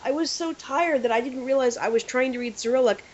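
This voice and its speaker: A woman co-hosting a podcast in casual chat, an animated storyteller who acts out what people said. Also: sits high, a little fast. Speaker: podcast co-host. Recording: lo-fi with faint hiss.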